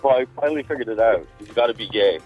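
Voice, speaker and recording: Male radio caller, halting delivery, tinny phone line, faint music behind. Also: lowish voice, expressive. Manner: halting, hesitant.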